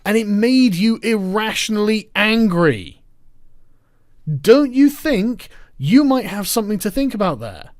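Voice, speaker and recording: A man's voice: high voice, very animated, measured pace, no room sound, studio quality. A man delivering a sarcastic, scornful reaction commentary.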